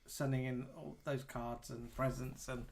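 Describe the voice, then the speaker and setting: A man's voice: mid-range voice, flat delivery, a little slow, creaky, a crowd in the background. A man hosting a casual live chat show, reading out viewer comments in a chatty way. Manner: chatty, warm-hearted, reads out messages. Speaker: host.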